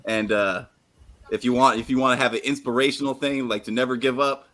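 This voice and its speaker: A man's voice: medium pitch, fairly quick, sharp tone. A man co-hosting a live stream in casual banter, brash and joking, swearing freely. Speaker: co-host of a wrestling watch-along stream.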